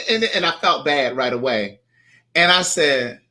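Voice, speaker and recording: A man's voice: fairly high pitch, sing-song, normal speed, bright, forceful tone. A young man hosting a casual live chat, telling a story and acting out the lines people said. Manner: chatty storyteller, acts out quoted lines. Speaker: host.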